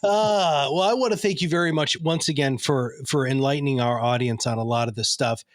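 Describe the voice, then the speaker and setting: A man's voice: mid-range voice, a little fast, dry recording, clean studio sound. A man hosting a podcast, appreciative and enthusiastic as he wraps up an interview. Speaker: podcast host. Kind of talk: interview wrap-up.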